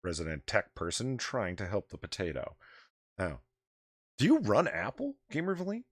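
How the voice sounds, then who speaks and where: Low, lively man ranting on a livestream. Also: moderate pace, slightly rough, no room sound, studio quality. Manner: animated, profane, ranting. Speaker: podcast host. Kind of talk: casual livestream chat. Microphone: desk microphone.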